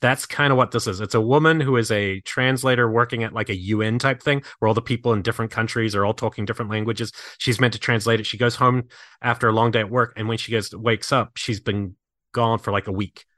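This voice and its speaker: A man with a bright, forceful voice recorded close and dry, co-hosting a casual podcast. He rambles with enthusiasm as he recounts a film. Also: on the low side, steady tone, fast talker, dry recording. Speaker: podcast co-host.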